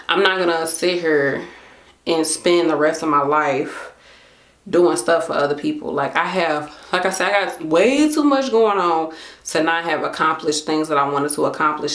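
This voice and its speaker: A woman's voice: on the low side, a bit bright. Chatty woman in her late twenties, echoey room. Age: late 20s. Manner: chatty, slangy, acts out her own thoughts in quotes. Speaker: vlogger. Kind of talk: casual chat to camera.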